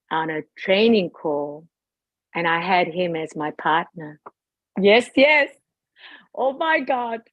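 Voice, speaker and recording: A woman on a group video call, telling a personal story in a casual, animated way, laughing often and acting out her own past thoughts. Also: medium pitch, dry recording, lo-fi sound. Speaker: participant sharing a testimony on a group call.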